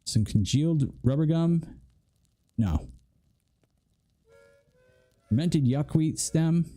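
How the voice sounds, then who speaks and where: A man's voice: on the high side, animated, takes it slowly, warm tone, faint music behind. A man streaming a video game, chatting and joking in rambling asides as he plays. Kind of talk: casual gameplay commentary.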